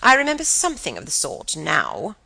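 A woman's voice: fairly high pitch, big pitch swings, moderate pace, fairly bright tone, pitched above the performer's own voice, exaggerated voice. A woman voicing a prim, cautious older aunt who speaks a little tartly in an audiobook. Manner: prim, tart.

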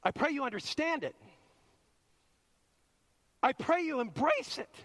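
A man's voice: very high voice, big pitch swings, measured pace, a bit bright. A man preaching a sermon as pastor, emphatic and acting out the voices he quotes. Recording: long reverb of a large hall.

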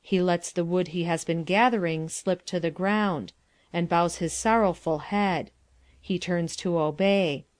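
A woman's voice: on the low side, a little slow, no echo. A woman reading stage directions aloud in a plain, matter-of-fact audiobook manner.

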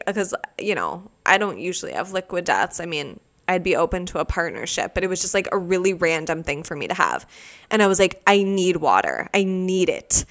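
Smooth-voiced young woman rambling through a story. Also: medium pitch, a bit bright. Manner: rambling, many fillers and restarts. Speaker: podcast host. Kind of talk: casual storytelling monologue.

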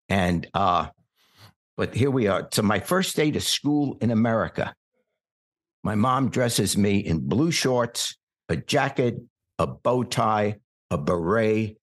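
An older man, a podcast guest born in England, telling long stories in a relaxed, wry conversational way. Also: lowish voice, takes it slowly. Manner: relaxed anecdotal storyteller, wry asides. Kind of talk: storytelling in conversation.

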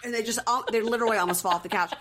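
A woman's voice: on the high side, rapid-fire, fairly bright tone, a little hiss or hum. A woman co-hosting a podcast, chatting casually as she recaps a reality show and acts out quotes from it. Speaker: podcast co-host.

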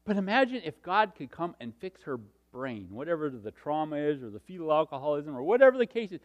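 A middle-aged man preaching a sermon, telling personal stories and swinging from hushed asides to loud, animated stretches. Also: a little high, a little fast, hardly any pauses.

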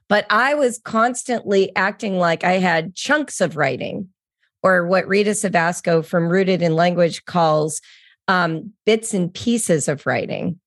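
A woman's voice: mid-range voice, no room sound. Enthusiastic woman telling stories, dry sound. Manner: enthusiastic, storytelling, quick asides. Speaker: podcast host, writing educator. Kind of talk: conversational interview.

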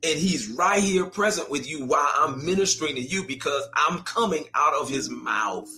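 A man's voice: lively intonation, normal speed, bright, forceful tone. A man preaching a sermon, calling out to his congregation and pushing them to answer back. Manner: preaching, calls out to the congregation, rising pitch.

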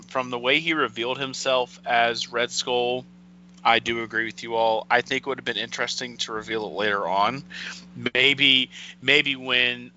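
Bright-voiced man reviewing films. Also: mid-range voice, slight background noise. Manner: halting, repeats words while thinking. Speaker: podcast co-host. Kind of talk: casual film review chat. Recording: dull lo-fi podcast audio.

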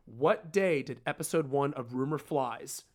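A man's voice: mid-range voice, expressive, a little slow. A man hosting a quiz on a podcast, teasing the others and laughing often. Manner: laughs a lot while teasing. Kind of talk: casual podcast quiz banter.

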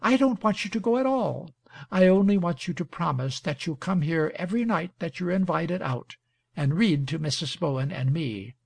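A man's voice: on the high side, expressive, normal speed, vocal fry, breathy edge, no echo, full character voice. A man reading aloud and voicing an eager, affectionate young woman who talks in a breathless, coaxing, playful way. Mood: delighted.

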